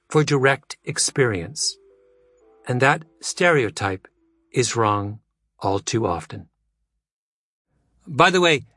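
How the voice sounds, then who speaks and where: A man reading a nonfiction audiobook in a measured way, letting his pitch fall low at the end of phrases. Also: fairly bright tone, no echo. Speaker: narrator. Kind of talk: scripted nonfiction audiobook narration.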